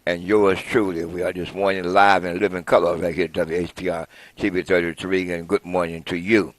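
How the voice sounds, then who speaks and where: A man's voice: low voice, little pitch movement, fairly quick, no echo. A man hosting a live local TV program in a folksy, rambling way, correcting himself as he goes. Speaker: TV host.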